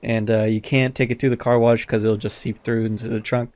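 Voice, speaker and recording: Male podcast co-host, casual animated storyteller, mid-pitched voice, dry recording. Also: brisk, dry recording. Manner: animated storyteller, acts out quotes, swears often. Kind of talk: casual chat.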